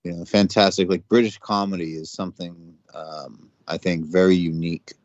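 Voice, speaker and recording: A man's voice: deep voice, fairly even intonation, normal speed, dry recording, highs cut off. A man hosting a casual chat, rambling with lots of fillers and restarts. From United States.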